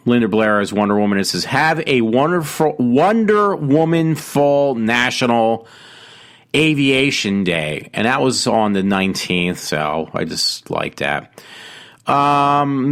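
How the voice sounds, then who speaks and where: A man's voice: fairly low pitch, a bit bright. A man hosting his own casual show, rambling and correcting himself with lots of ums while fiddling with his mic. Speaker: host. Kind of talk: casual solo show chat. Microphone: home mic being adjusted.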